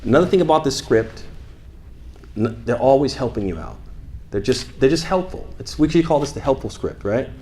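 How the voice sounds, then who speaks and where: A male teacher leading a class in Quran recitation, energetic and asking questions for the students to answer aloud. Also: medium pitch, a little hiss or hum. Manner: energetic, quizzing the class with call-and-response; chants short Arabic phrases slowly for students to repeat. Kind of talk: interactive classroom lesson.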